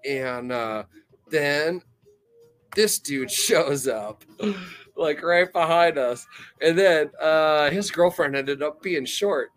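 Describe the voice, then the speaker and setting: A man's voice: a little high, fairly bright tone. A man hosting a podcast, telling a rambling, profane story in casual chat and laughing often. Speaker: podcast host.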